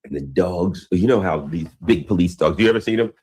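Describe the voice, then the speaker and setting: A man's voice: deep voice, animated, fairly quick, a little mellow, husky. A man hosting a news commentary show, talking casually and rambling into old stories, with frequent restarts.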